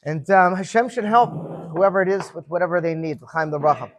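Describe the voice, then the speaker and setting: A man's voice: high voice, fairly quick. A man in his fifties leading an informal gathering, chatty and storytelling, often repeating words as he starts a sentence. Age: 50s. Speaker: farbrengen leader. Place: room with a gathered group.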